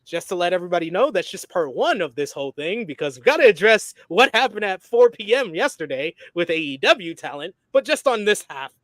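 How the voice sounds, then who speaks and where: A man's voice: high-pitched, sing-song, fairly quick, hardly any pauses, a bit bright, no room sound. A man hosting a podcast, reading out wrestling news and quotes with frequent filler sounds. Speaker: podcast host.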